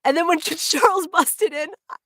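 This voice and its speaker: A voice actress with a New Jersey accent hosts a signing livestream, chatting casually with viewers. Her very high voice is brisk and fairly bright, recorded in clean studio sound with no room sound, and she's bubbly, full of laughs and "like"s.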